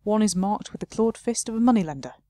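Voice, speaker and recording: A woman's voice: medium pitch, animated, fast talker, dark tone, no room sound. A woman playing a game, chatting casually and reading the game text aloud, often laughing at herself. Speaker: let's play host.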